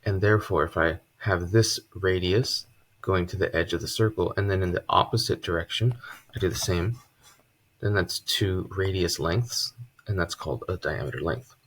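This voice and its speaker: Chill guy explaining math, deep husky voice, jokes around a bit. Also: moderate pace. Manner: relaxed and chatty, with joking asides. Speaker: math tutor. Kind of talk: casual lesson at a whiteboard.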